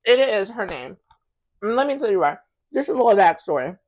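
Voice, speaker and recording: A young woman hosting a casual podcast chat, brash and profane, flaring into loud bursts. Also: mid-range voice, big pitch swings, brisk. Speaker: podcast host.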